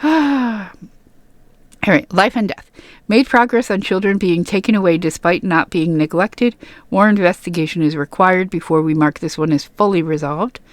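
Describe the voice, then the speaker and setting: A young woman, a gaming YouTuber, reads game patch notes aloud in a fairly low voice at a measured pace, with no echo. Between notes she rambles in casual, chatty commentary full of fillers and restarts.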